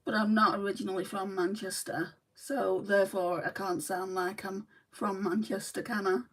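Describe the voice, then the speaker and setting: A woman's voice: medium pitch, little pitch movement, normal speed. Chatty Lancashire woman, mic a bit distant. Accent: Lancashire English. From Lancashire, England. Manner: chatty, reads out and answers viewer comments. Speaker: beauty livestream host. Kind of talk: casual livestream chat reading comments.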